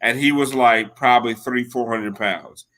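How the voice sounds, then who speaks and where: A man's voice: medium pitch, normal speed, a bit bright. A man in his thirties chatting casually, rambling through stories with lots of filler words and swearing. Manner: rambling storyteller, heavy filler "like", profane. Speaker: podcast co-host. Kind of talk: casual chat.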